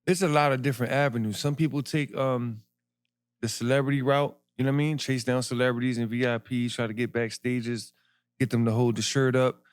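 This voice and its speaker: A man, a podcast guest telling his story in animated street slang. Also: medium pitch, a little fast, clear, resonant tone, no echo, clean studio sound. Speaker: podcast guest, clothing brand founder. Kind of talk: casual interview storytelling.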